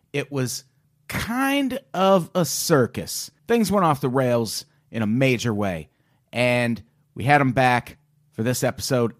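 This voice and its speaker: A man's voice: medium pitch, dry recording, studio quality. A man hosting his own podcast, reading plugs wryly and introducing guests in casual banter. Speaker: podcast host.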